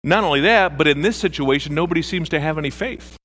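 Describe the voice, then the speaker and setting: Animated man preaching a sermon. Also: fairly high pitch, quick pace. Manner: animated, acts out voices in his stories. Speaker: pastor.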